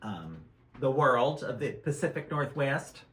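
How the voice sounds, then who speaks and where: Bright, effusive man in an echoey room. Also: medium pitch, big pitch swings, measured pace. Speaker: drag queen co-host and tarot reader. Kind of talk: casual chat.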